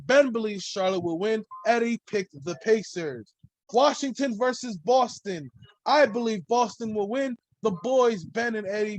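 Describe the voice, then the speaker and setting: A man's voice: high-pitched, no echo, low-quality recording. A man hosting a solo sports podcast, talking in a loose, rambling way and swearing freely. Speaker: podcast host.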